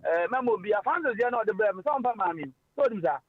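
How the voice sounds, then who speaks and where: Lively man on lo-fi radio. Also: high-pitched, racing. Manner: animated, mixing languages, frequent fillers and laughs. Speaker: radio host. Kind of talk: casual radio talk. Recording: lo-fi radio stream.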